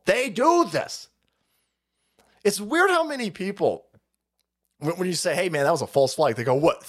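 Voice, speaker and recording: Foul-mouthed ranting man, high and swooping. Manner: foul-mouthed, mocking, laughs often, bursts into shouts. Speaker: live-stream host. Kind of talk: profane live-stream commentary rant.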